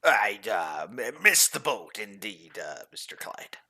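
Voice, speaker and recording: A man's voice: medium pitch, very animated, pushed and bright, pitched above the performer's own voice, exaggerated voice. A man playing a nervous stammering guide. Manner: stammering, hesitant, slowed. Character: nervous stammering male local guide, evasive.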